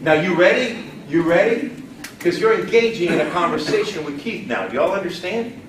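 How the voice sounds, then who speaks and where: Folksy male trainer, high-pitched, heard from far back in a very echoey room. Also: expressive, normal speed, noisy background. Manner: folksy, emphatic, quizzes the audience. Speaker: sales trainer. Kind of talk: live training seminar. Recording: echoey room, distant mic.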